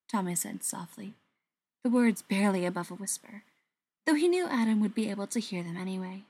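A woman reads a story aloud at an even pace, her voice sitting in a middle pitch and sometimes sinking to a whisper. The recording is dry and close, with no room around her. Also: moderate pace, husky, dry recording. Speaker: narrator.

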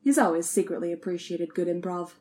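A woman reading a story aloud as narrator, in an even, measured way. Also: fairly low pitch. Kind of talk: audiobook narration.

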